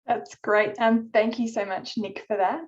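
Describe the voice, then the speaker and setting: A woman's voice: on the high side, steady tone, measured pace. A woman chairing an online academic panel, politely introducing the next speaker over a video call. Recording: dull lo-fi video call audio.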